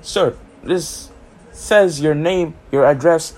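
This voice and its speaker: A man's voice: on the high side, slow, a little mellow, pitched above the performer's own voice. A teen boy putting on a stern official's voice. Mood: insistent.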